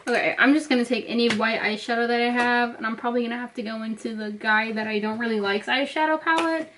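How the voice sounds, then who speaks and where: A young woman with a fairly high voice, chatting casually to her viewers. She talks through each makeup step as she goes, easygoing and conversational. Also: steady tone, quick pace, noisy background. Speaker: beauty vlogger. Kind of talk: casual makeup tutorial talk.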